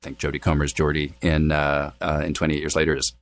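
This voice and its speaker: A man, a dialect coach, answering interview questions in a relaxed, explanatory way with many fillers. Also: very deep voice, fast. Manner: thoughtful, explanatory, with frequent fillers.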